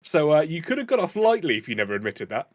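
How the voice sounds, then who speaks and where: A man's voice: on the high side, sing-song, fast talker, slight background noise. Chatty male sim racing commentator. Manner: chatty, bantering. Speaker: race commentator.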